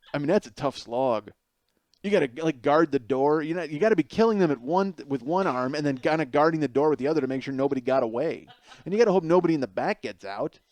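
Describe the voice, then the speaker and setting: A middle-aged man hosting a podcast, telling a comedic story in an animated way, swearing freely and laughing through the punchlines. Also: mid-range voice, no echo. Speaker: podcast host.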